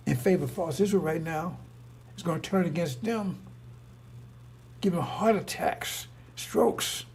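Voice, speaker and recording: A man's voice: sits high, creaky, darkish tone, breathy edge. A man giving an informal religious talk, rambling and repetitive, full of rhetorical questions. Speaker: preacher.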